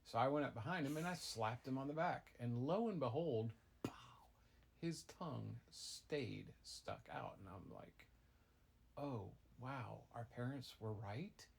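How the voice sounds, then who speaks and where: A middle-aged man, a father improvising a goofy tall tale for his child, rambling with deadpan asides. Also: mid-range voice, unhurried, creaky, husky. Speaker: father telling a bedtime-style story.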